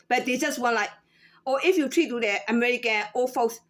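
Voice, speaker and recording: A woman in her thirties or forties speaking in a casual unscripted monologue, halting with many fillers and restarts. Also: on the high side. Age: 30s to 40s. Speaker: former store employee.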